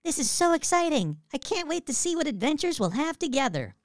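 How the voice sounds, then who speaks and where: A man putting on a high falsetto to voice a sweet, eager young woman ghost who is an actress. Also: big pitch swings, brisk, no echo, clean studio sound. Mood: excited.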